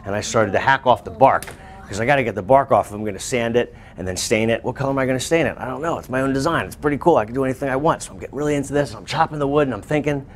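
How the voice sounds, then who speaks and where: A male teacher telling a class a lively personal story in a school classroom. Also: medium pitch, rapid-fire, slight background noise. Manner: animated, acts out voices and screams.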